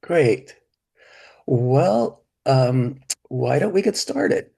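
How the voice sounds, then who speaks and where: Slow, gravelly man, dark and husky, a gentle therapist demoing a session, full of restarts. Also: mid-range voice, very animated. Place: symposium hall, hybrid session.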